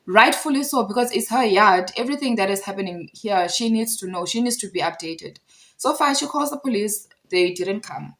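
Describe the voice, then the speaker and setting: Animated woman telling a story. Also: medium pitch, moderate pace. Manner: animated, repeats phrases for emphasis. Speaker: storyteller vlogger. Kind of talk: casual storytime vlog.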